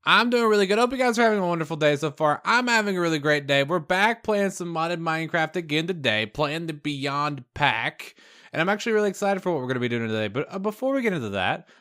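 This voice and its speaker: This casual gameplay commentary comes from a young man whose Southern US accent is mostly hidden. He sounds on the high side, animated and sharp, talking fast. Upbeat and chatty, he thinks out loud with fillers and laughter.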